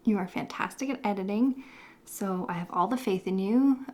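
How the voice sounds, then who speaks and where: A woman's voice: medium pitch, normal speed, mellow. Encouraging woman vlogging to camera. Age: 30s. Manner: encouraging, rambling, talks in circles. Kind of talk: casual to-camera vlog.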